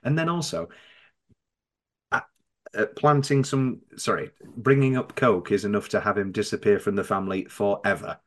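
This man hosts an informal film podcast conversation, lively throughout and quick to slip into high voices to impersonate characters.

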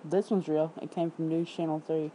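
Dark-voiced Southern woman, blunt and casual. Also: low-pitched, flat delivery, a little hiss or hum, rough recording. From Memphis, Tennessee. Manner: blunt, profane, reads comments and headlines aloud with quick asides. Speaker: independent writer streaming to viewers. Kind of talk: casual livestream chat.

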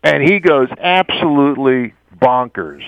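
A man telling a story in an interview, animated, acting out the voices of others and stammering as he goes. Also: medium pitch, measured pace, creaky, clear, resonant tone, no echo, dull audio. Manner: acts out quoted voices, stammers and laughs often. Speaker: interview guest.

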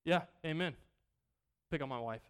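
A man preaching a sermon in a church, talking casually, asking the congregation questions and swinging between loud bursts and quiet asides. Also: on the high side, moderate pace, clear, resonant tone. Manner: conversational, asks the congregation questions. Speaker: pastor.

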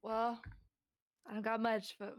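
A woman's voice: on the high side, level tone, measured pace. A woman co-hosting a casual podcast, joking and swearing freely as she explains folklore. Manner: giggly, swears freely, jokey asides. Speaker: podcast co-host. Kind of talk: casual chat.

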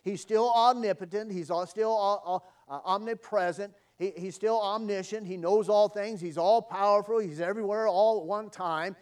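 A man preaching an earnest evening sermon, leaning on emphatic repeated phrases. His voice sits higher than most men's. The mic is set back, so he sounds a little distant. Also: fairly even intonation, moderate pace, hardly any pauses, clean tone.

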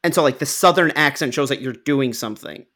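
A man from New York co-hosting a casual film chat podcast, quick and half-joking. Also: medium pitch, pushed and bright. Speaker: podcast co-host. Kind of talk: casual chat about films.

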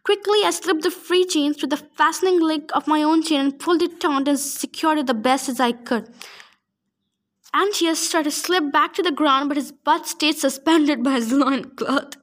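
High-voiced woman reading a story aloud. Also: moderate pace. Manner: casual, adds joking asides. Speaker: audiobook reader. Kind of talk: first-person story narration.

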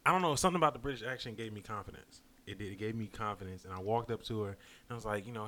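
A man's voice: fairly low pitch, rapid-fire, pushed and bright, a little hiss or hum. A young man co-hosting a podcast, joking around in slangy casual banter. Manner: joking, slangy, slips into mock British accent. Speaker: podcast co-host.

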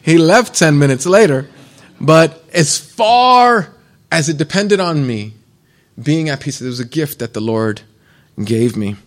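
A man's voice: fairly high pitch, takes it slowly, fairly bright tone. A middle-aged man, a pastor, preaching a sermon in a casual, storytelling way, mixing scripture with personal anecdotes and humor.

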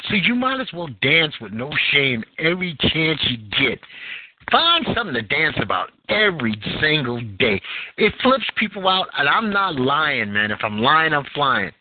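Over a tinny phone line with a dry recording, a man hosting a podcast spins a profane, casual story at a normal pace. His telling is animated, his pitch swinging widely as his feelings rise and fall.

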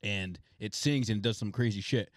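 A man's voice: on the low side, moderate pace, dry recording. A young man co-hosting a casual podcast, rambling through a story, stumbling over words and swearing. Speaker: podcast co-host. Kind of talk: casual chat.

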